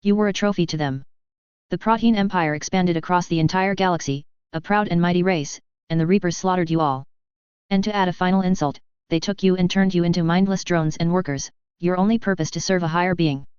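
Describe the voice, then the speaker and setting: A woman reading a cold, calculating male alien commander who muses out loud in a cool tone. The voice is low and smooth, and the sound is dull and dry. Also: brisk, dry recording, lightly acted. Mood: musing. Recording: dull, muffled dry recording.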